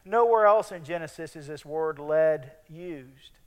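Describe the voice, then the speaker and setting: A man preaching a sermon in an earnest tone, his voice dropping soft at the ends of phrases. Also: a little high, moderate pace, long reverb tail.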